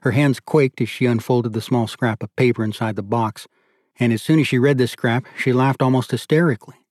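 A man reading an audiobook in the first person, measured and steady. His voice sits at a middle pitch and sounds dry and close, with no room around it. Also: dry recording. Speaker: audiobook narrator. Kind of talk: scripted audiobook narration.

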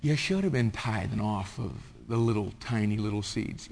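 A man preaching a sermon as pastor, swinging from hushed asides to loud, impassioned reading. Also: fairly low pitch, normal speed, gravelly, few pauses, slight background noise. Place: church sanctuary. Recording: long reverb of a large hall.

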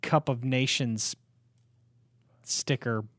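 A man's voice: mid-range voice, steady tone, very slow, a bit bright, dry recording, clean studio sound. A man co-hosting a sports podcast in casual chat, rambling with lots of fillers in an easygoing way. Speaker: podcast co-host.

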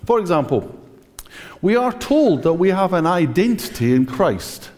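Slow, lively preacher in echoey church. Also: male voice, sits high. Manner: conversational, using a prop, talking directly to the congregation. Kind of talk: sermon.

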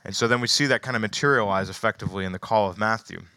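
A man's voice: on the low side, racing, bright, forceful tone, dry recording. A man preaching a sermon, reading scripture aloud with rising emphasis and then commenting casually with small laughs.

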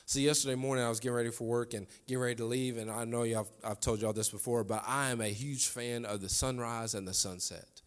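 Earnest pastor preaching a sermon. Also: male voice, mid-range voice, steady tone, fast, few pauses, clear, resonant tone. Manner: earnest, repeats key lines for emphasis. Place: church sanctuary.

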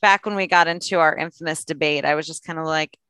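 A woman's voice: low voice, fairly even intonation, quick pace, fairly bright tone, clean tone. A young woman co-hosting a podcast, chatting and teasing her co-host. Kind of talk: casual chat.

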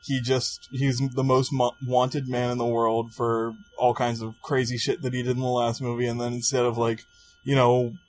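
Male podcast co-host, mid-pitched, dry plot recaps. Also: level tone, moderate pace, a little mellow. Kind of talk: casual film review chat.

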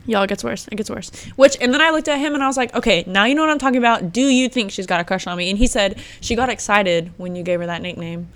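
A young woman hosts a podcast and tells a long story in relaxed, casual chat. She talks in an animated way and breaks into laughter now and then. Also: mid-range voice, quick pace, hardly any pauses. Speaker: podcast host.

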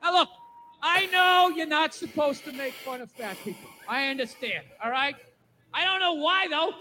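A stand-up comedian man delivers a profane, ranting routine and slips into mocking voices. His voice sits very high for a man and rings bright and forceful. A faint noise lies underneath. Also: animated, moderate pace.

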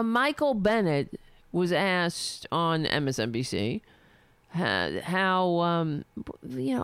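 A woman's voice: low voice, clean tone, no room sound. A woman delivering a heated, sarcastic, profane political rant, speaking for herself. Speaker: political commentator.

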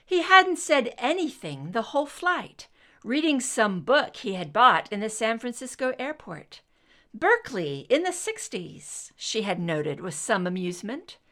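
A woman narrating a story aloud in an expressive, unhurried way. Her voice sits fairly high and sounds bright. She moves her pitch up and down freely as she reads. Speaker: reader.

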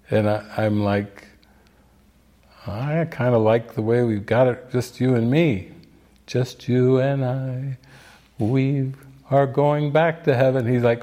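An older man telling stories in a relaxed spiritual talk. His voice sits in an ordinary middle pitch, and he slips into the voices of the people he quotes as he goes. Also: slow. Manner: storytelling, acts out quoted voices. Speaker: spiritual teacher giving movie commentary.

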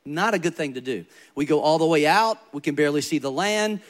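A man preaching in a storytelling manner, stressing his points by repeating them. His voice sits somewhat high for a man. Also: animated, brisk. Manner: storytelling, emphatic repetition. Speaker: pastor. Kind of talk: sermon.

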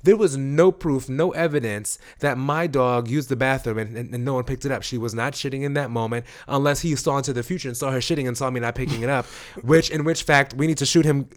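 A man, co-hosting a casual chat and telling stories in an animated, profane way. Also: medium pitch, a little fast, few pauses.

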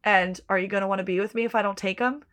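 A woman's voice: medium pitch, fairly even intonation, racing, fairly bright tone. Woman casually recapping a TV show. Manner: reads out scene dialogue, swears freely. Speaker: podcast co-host. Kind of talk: casual chat recapping a TV episode.

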